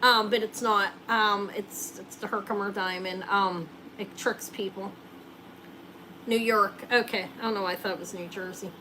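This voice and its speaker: Woman selling rings on a live stream, chatty and jokey, thinking out loud, faint hiss behind her. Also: medium pitch, fairly even intonation, normal speed, poor audio. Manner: chatty, joking, thinks aloud while showing rings. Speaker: jewelry seller hosting a live sale. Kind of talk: casual live sale chat.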